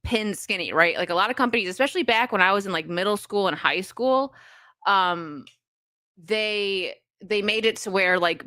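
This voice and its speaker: Bright-voiced American woman streamer, rambling. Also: mid-range voice, dry recording. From United States. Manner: rambling, many fillers and restarts, laughs often. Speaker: live streamer. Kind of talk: casual live-stream chat, reading viewer donations.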